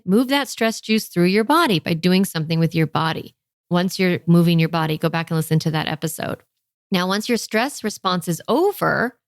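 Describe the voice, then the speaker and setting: A woman in her thirties coaches parents with lively energy, often voicing a parent's inner thoughts and checking in with "okay?". Her voice is mid-range, and the recording is dry and clean, studio quality.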